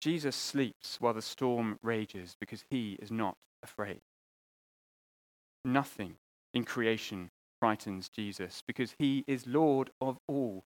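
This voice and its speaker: A man preaching a sermon, earnest, often repeating words and swinging between loud appeals and quiet, hushed lines. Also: medium pitch.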